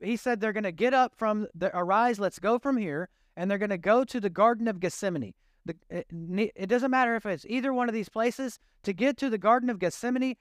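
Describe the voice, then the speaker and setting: A man with a notably high voice delivers a sermon in a relaxed, conversational way, tossing in jokes with his congregation. The sound is dry and close. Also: clean tone, no echo. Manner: casual, joking, conversational preaching. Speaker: pastor.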